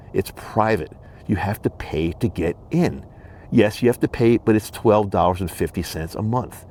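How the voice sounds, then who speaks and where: A man's voice: on the low side, darkish tone, slight background noise. A man hosting his own podcast, talking alone in an earnest, emphatic way and repeating his points. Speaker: podcast host. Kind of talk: solo monologue. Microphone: studio microphone and camera.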